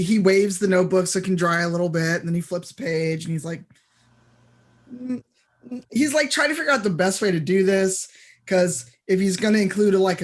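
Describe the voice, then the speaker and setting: A game master narrating a tabletop role-playing game in a casual, rambling way, full of fillers. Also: mid-range voice.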